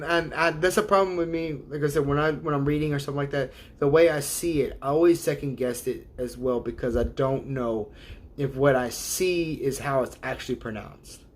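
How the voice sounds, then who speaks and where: A man's voice: on the high side, moderate pace. Rambling man chatting on a livestream. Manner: rambling, hesitant, laughs often, sounds out words. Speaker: livestream host. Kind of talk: casual livestream chat.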